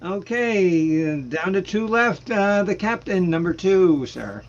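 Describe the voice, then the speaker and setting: A man's voice: high-pitched, lively intonation, slow pace. A man hosting a casual music chat over a video call, talking in a playful, joking way. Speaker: host. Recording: dull sound with faint noise.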